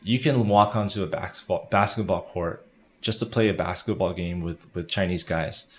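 Lower-voiced man telling stories. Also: normal speed, slight background noise. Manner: animated storytelling with restarts. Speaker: missionary guest. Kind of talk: conversational interview.

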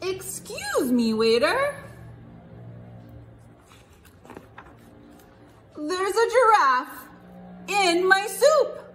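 A woman doing a panicky, high-pitched diner. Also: big pitch swings, takes it slowly, a bit bright, soft background music, heavily acted. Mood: puzzled. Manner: alarmed, exclaiming pleas. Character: flustered male restaurant diner.

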